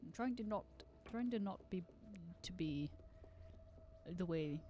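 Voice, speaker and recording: A young woman with a subtle Southern US accent talks casually as she plays on stream, rambling, cracking jokes, and cursing freely. Her medium-pitched, darkish voice moves slowly with frequent pauses, and a faint hiss or hum is audible.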